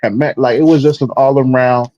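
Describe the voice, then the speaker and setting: Mid-pitched man on dull lo-fi audio. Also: a little fast, no echo. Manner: relaxed, slangy fight recap. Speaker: boxing show co-host. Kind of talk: casual panel chat.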